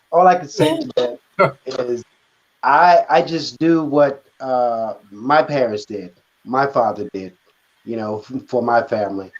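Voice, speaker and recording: A man's voice: medium pitch, slow, long pauses. Hesitant male guest, lo-fi sound. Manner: hesitant, many filler words, reflective. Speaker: guest author. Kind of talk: conversational interview.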